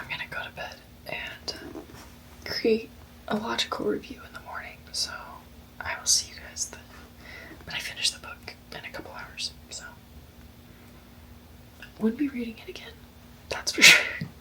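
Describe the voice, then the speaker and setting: A woman's voice: on the high side, steady tone, normal speed, pauses often, sharp tone, low-quality recording. A young woman vlogger whispering her gasping, gushing reactions to a book late at night before bed. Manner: gasping, gushing, says like a lot.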